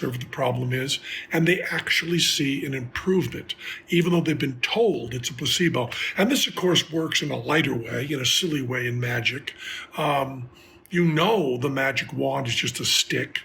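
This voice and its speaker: A man's voice: medium pitch, moderate pace, vocal fry, sharp tone, a little hiss or hum. A man asking the hosts a recorded question in a musing, conversational way. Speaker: guest questioner.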